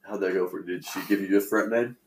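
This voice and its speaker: A man's voice: sits low, fairly even intonation, fast talker, echoey room, a little hiss or hum. A young man co-hosting a casual podcast, dropping dry, teasing asides. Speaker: podcast co-host.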